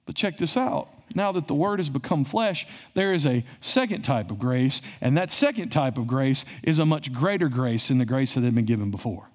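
A man's voice: medium pitch, animated, normal speed, few pauses. A male pastor preaching a sermon, asking the congregation questions and repeating phrases for emphasis.

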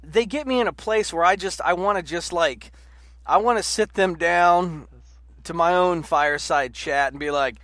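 A man in casual political chat, rambling and animated with lots of "like" and restarts. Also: high-pitched, moderate pace, no echo. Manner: rambling, animated, heavy use of "like".

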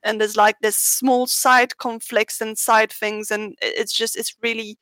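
A woman co-hosting a podcast, talking in a measured, appreciative way. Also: fairly high pitch, level tone, a bit bright, dry recording. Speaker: podcast co-host. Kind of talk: casual chat.

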